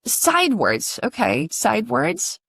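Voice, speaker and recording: A woman's voice: fairly high pitch, huge pitch swings, slow pace, creaky, fairly bright tone, slightly rough, no room sound, studio quality. A woman coaching pronunciation in a casual online lesson, chatty and quizzing her student, swearing now and then.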